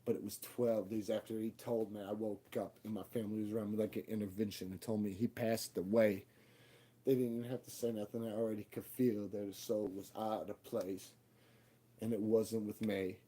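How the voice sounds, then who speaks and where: A man's voice: on the low side, flat delivery, normal speed, dark tone, husky. A man in his twenties telling a personal story as spoken word, with a raw, intense and profane delivery. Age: 20s.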